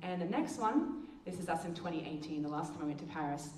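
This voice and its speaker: A woman giving a testimony talk as a speaker, telling stories and acting out the quotes with big jumps in pitch. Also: lively intonation, fast talker, a little mellow, slight background noise. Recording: echoey room, heard from a distance.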